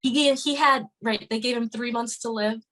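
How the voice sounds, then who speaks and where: A woman's voice: a little high, steady tone, moderate pace, a bit bright, low-quality recording. A woman in her thirties speaking as a podcast guest, telling a story casually and earnestly, with many fillers and restarts. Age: 30s.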